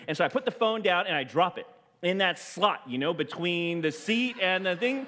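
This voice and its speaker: Animated man preaching to his church. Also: high voice, normal speed. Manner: animated storytelling, acting out his own quoted reactions. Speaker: pastor. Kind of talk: sermon.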